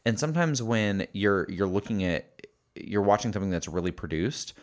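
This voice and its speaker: A man co-hosting a podcast, chatting casually and playfully teasing his co-host. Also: on the low side. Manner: playful, teasing, quick to joke. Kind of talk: casual chat.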